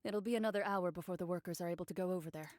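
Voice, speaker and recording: A woman voicing a reserved female duelist in a game, cool, measured and curt. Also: fairly low pitch, a little mellow, dry recording, studio quality, close to an everyday voice.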